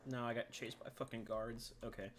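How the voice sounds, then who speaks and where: A man's voice: medium pitch, flat delivery, noisy background. A man co-hosting a casual gaming podcast, rambling and swearing freely. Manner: profane, rambling, quick reactions. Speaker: podcast co-host.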